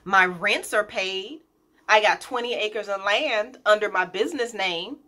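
A woman's voice: medium pitch, measured pace, bright, forceful tone. A woman business owner in a casual vlog, talking directly and emphatically, repeating her key points and addressing viewers informally. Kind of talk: casual motivational vlog talk.

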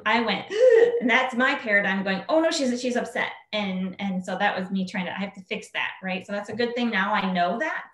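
A woman telling a story casually to a group, acting out what people said in a higher voice. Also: fairly bright tone, roomy sound, poor audio. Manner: chatty, acts out quoted speech in a higher voice. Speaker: team member sharing a story.

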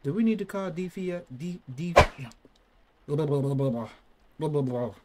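A man doing casual gaming commentary, reacting loudly and swearing, with sudden outbursts between quieter remarks. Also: fairly high pitch, lively intonation, moderate pace, very noisy. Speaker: gaming channel host. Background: loud game music.

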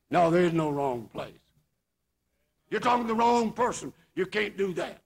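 Older preacher, raised pitch, husky rasp; folksy revival sermon that climbs to shouting. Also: male voice, normal speed.

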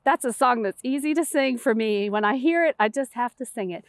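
A children's librarian reading a picture book aloud at a toddler storytime, with a sing-song, exaggerated and encouraging delivery. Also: female voice, on the high side, lively intonation, brisk, no room sound, studio quality.

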